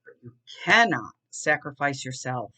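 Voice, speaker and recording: A woman's voice: a bass voice, sing-song, measured pace, bright, forceful tone. Earnest rambling sounding woman. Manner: earnest, rambling, addresses viewers as y'all. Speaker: vlogger. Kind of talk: casual talking-head monologue.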